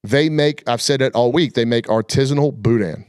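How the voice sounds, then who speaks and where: A man's voice: medium pitch, normal speed, darkish tone, clean tone, no room sound, studio quality. A man hosting a sports talk show, chatting casually in a folksy, colloquial storytelling way. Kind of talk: casual chat.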